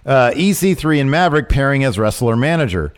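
Animated man ranting on a podcast. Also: mid-range voice, brisk, smooth. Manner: animated, rising to outraged emphasis. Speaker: podcast co-host. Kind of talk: casual wrestling news chat.

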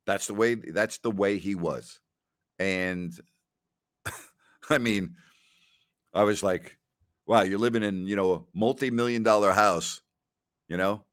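Male host with a lowish voice, rambling and repetitive, dry close sound. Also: takes it slowly, pauses often, a bit bright, no echo. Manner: rambling storyteller who repeats phrases and laughs often. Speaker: podcast host. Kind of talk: casual solo chat answering listener questions.

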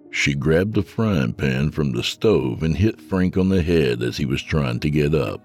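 A man narrating a horror story in a slow, grave storyteller's manner. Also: extremely low pitch, darkish tone.

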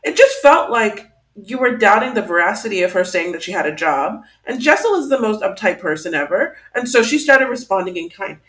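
A woman's voice: medium pitch, expressive, fairly quick, few pauses, fairly bright tone, reverberant. A woman co-hosting a podcast in casual chat, acting out quotes in mocking voices. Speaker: podcast co-host.

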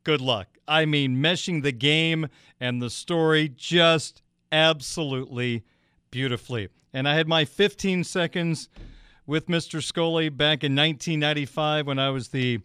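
A sports radio host man telling a story on air with lively, animated delivery. His voice sits a touch high and comes through crisp and smooth. The studio sound is close and dry. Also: no echo. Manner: animated, quotes voices with big pitch jumps. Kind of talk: casual radio monologue, personal anecdote.

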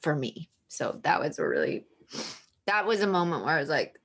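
A woman's voice: low voice, big pitch swings, moderate pace, fairly bright tone, slight background noise. A woman author, a guest on a podcast, talking openly and candidly about her feelings. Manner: open and emotionally candid. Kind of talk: candid interview talk.

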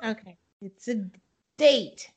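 Woman podcast co-host, chatty, laughs a lot, somewhat high voice. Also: slow. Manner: chatty, laughs often, quotes people in her retelling. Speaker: podcast co-host recapping a reality show. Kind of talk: casual chat.

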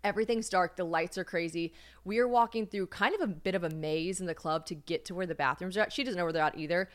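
A woman's voice: lowish voice, quick pace. A young woman co-hosting a podcast, telling a story in casual chat, acting out what others said and laughing often. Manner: animated, acts out quoted voices, laughs often. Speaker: podcast co-host.

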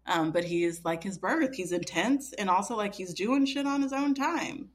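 A woman's voice: medium pitch, expressive, moderate pace. A woman in her thirties, a podcast guest telling a personal story in a chatty way, full of fillers and quoting herself. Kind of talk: casual storytelling.

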